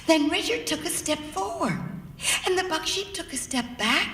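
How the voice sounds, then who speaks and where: A woman storyteller performing live, acting out shouts and sound effects and drawing the audience in. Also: very high voice, expressive, moderate pace, slight background noise. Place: large theater stage. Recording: echoey theater hall.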